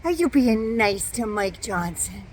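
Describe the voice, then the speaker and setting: A woman imitating a male politician who talks down to people, slow and condescending. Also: medium pitch, sing-song, a little hiss or hum. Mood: patronizing. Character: male politician, mocking and patronizing.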